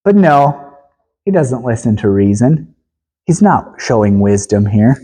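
A man preaching a sermon, retelling a scripture story with animated swings between emphatic high calls and quiet low asides. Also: unhurried, slightly rough, poor audio.

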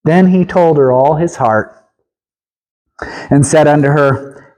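A man preaching a sermon, retelling a scripture story with animated swings between emphatic high calls and quiet low asides. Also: takes it slowly, pauses often, low-quality recording.

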